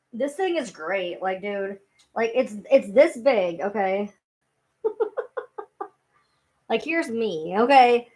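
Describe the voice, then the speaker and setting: A woman's voice: fairly high pitch, darkish tone, dry recording. A woman hosting a casual livestream, rambling and swearing freely as she chats to viewers. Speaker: livestream host.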